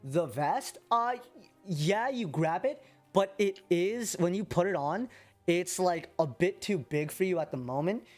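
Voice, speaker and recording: A man narrating as game master of a tabletop game, talking casually and haltingly, with many fillers. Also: sits high, a little mellow, soft background music.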